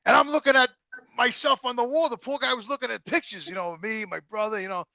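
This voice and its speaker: Brief: middle-aged New York guy, gravelly and bright, high-pitched, salty storyteller. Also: quick pace, no room sound, highs cut off. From Brooklyn, New York. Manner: profane, animated storyteller. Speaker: guest. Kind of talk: casual storytelling.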